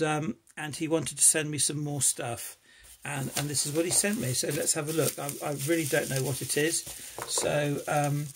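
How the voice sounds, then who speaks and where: Gravelly man, eager unboxing chat. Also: a little high, background noise. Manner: enthusiastic, rambling, grateful. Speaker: lockpicking hobbyist vlogger.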